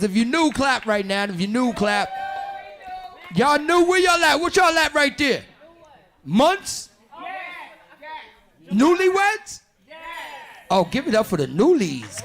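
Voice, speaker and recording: A man doing stand-up comedy, bantering loudly and profanely with the audience in a club. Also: very high-pitched. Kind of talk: stand-up crowd work.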